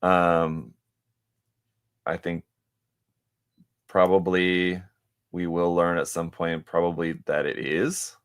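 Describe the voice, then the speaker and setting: A man with a deep, low voice hosts a casual live stream and talks while he builds a model kit. His speech wanders, full of fillers, restarts and side comments. Every so often he drops into mumbling to himself over his hands. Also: little pitch movement, takes it slowly, pauses often, smooth. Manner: rambling and hesitant, many fillers and restarts; mutters to himself while working. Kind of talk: casual live-stream chat, answering viewer questions.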